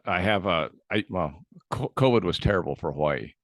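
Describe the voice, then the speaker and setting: A man's voice: low voice, expressive, moderate pace. A middle-aged man hosting a podcast interview, joking and rambling with frequent restarts. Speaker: podcast host. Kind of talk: casual interview chat.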